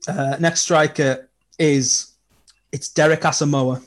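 A man's voice: fairly high pitch, slow pace. Young man telling football stories. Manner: animated storytelling with laughs. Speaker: podcast guest. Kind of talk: casual chat.

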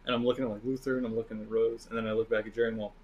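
A man's voice: fairly low pitch, rapid-fire, highs cut off. A man in casual chat about a video game, retelling his playthrough and acting out characters with bursts of laughter. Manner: animated storyteller who acts out game characters.

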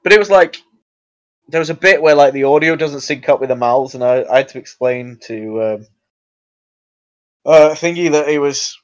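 Young bloke rambling through a story, slightly high voice, casual podcast chat. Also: male voice, moderate pace, long pauses, smooth, lo-fi sound. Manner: rambling, excitable storytelling with laughs. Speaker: podcast co-host.

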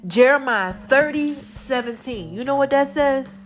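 A woman in a high, unhurried voice testifies passionately about her faith to viewers, faint music behind her. Her throat is constricted and she's slightly choked up, leaning on repetition to make her points land.

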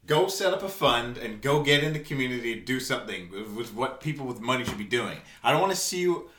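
Angry profane man ranting, bright voice. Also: medium pitch, animated, fast talker, echoey room. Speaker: podcast co-host. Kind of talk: casual podcast rant.

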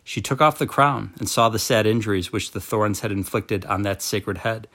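A man with a fairly low voice reads a devotional text aloud. His delivery is slow and measured, with a solemn tone throughout. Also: fairly bright tone. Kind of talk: reading a devotional book aloud.

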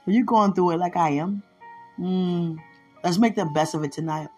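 A woman's voice: on the low side, a little mellow, faint music behind. A woman hosting a podcast, talking playfully and affectionately, often laughing and breaking into prayer. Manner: playful, laughing, drawn-out exclamations. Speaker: podcast host. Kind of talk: affectionate casual monologue with prayer.

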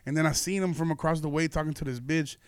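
Young male podcast host, slightly high and smooth voice, dry close sound; loose, profane storyteller. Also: steady tone, fast talker, dry recording. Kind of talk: casual storytelling chat.

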